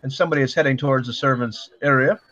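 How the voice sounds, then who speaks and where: A man's voice: mid-range voice, rapid-fire, a bit bright, dull audio. A man running a tabletop game as game master, narrating and explaining rules with frequent restarts.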